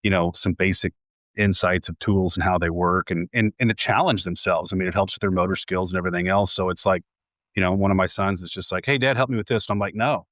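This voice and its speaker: Low-voiced reflective man in his forties. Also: little pitch movement, fast talker, fairly bright tone, dry recording, studio quality. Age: 40s. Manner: reflective, rambling with restarts. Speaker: guest home builder. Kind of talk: casual podcast conversation.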